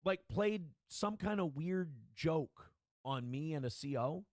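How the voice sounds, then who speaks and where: Animated man telling a story. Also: on the high side, takes it slowly, dry recording, studio quality. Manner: animated, indignant retelling. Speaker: podcast guest. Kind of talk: casual storytelling.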